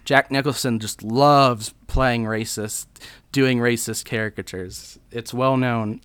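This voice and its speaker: A man's voice: medium pitch, fairly even intonation, takes it slowly, fairly bright tone, clean tone. A man hosting a podcast, telling rambling, crude, absurd comedy bits in casual chat. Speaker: podcast host.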